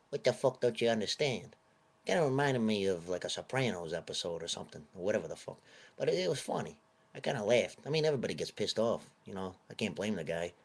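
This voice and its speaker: A man ranting in a put-on Italian-American mobster accent, rambling and swearing with gruff wise-guy swagger. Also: sits low. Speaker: vlogger. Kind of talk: comic rant in a tough-guy persona.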